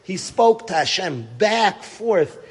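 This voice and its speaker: Husky high-voiced rabbi in a reverberant hall. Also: male voice, animated, takes it slowly. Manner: emphatic, rhetorical questions, swings between loud and hushed. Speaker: rabbi teaching at a yeshiva. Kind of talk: storytelling sermon.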